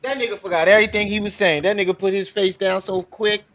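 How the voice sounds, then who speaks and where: A man's voice: high-pitched, steady tone, quick pace, a bit bright, no room sound. A man hosting a livestream, reacting to clips with casual commentary, laughing often and talking profanely. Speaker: livestream host.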